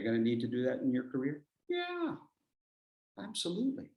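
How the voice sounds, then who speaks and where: A man teaching a speaking workshop with a very lively, swooping voice that swings between sudden loud bursts and near whispers. His voice bounces around an echoey room. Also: medium pitch, a little fast, lo-fi sound. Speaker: speech coach.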